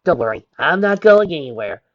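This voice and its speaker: A man putting on a bedridden teenage girl from a read-aloud fan fiction, her voice pushed high and lively, sliding around as she snarks. The sound is a dull, lo-fi home recording. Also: fairly quick, dry recording. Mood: sarcastic. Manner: high, snappy and sarcastic. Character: sick, sarcastic teenage girl stuck in bed.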